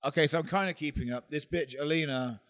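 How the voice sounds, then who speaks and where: A man, a podcast co-host trading crude, jokey banter, laughing often and reading aloud haltingly. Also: a little high, a bit bright.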